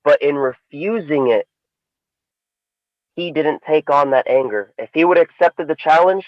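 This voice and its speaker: A man co-hosting a podcast, telling a story in a casual, animated way. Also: normal speed, no room sound, dull audio. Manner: animated storyteller, swings pitch for emphasis. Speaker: podcast co-host.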